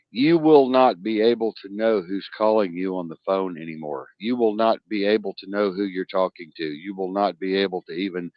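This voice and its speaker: A man's voice: deep voice, no room sound, muffled recording. A man hosting a podcast, talking emphatically and addressing the audience with warnings. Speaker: podcast host. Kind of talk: casual podcast talk.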